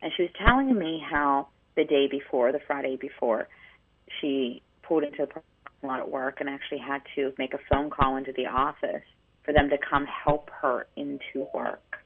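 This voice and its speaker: A woman co-hosting a radio talk show, telling a story in an animated way with many restarts. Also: a bass voice, moderate pace. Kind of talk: casual radio chat, storytelling. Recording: tinny phone-line sound.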